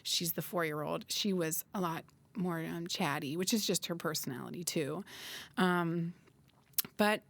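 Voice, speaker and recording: A woman's voice: fairly low pitch, unhurried, vocal fry, fairly bright tone. A woman, an adoptive mother, recalling events in a thoughtful, hesitant casual chat. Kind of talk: casual storytelling.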